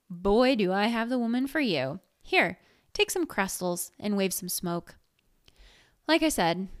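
A woman's voice: medium pitch, dry recording. A woman narrating a first-person story in a wry, sarcastic, conversational way, recorded close to the mic.

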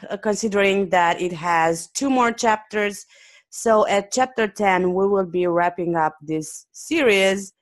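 A woman hosting her podcast as an author, who speaks expressively and poses structured questions. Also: medium pitch.

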